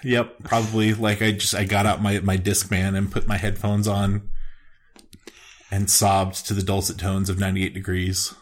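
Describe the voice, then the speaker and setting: A man's voice: lowish voice, flat delivery, normal speed. A man in his thirties co-hosting a podcast in casual chat, with a dry, self-deprecating manner. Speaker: podcast co-host.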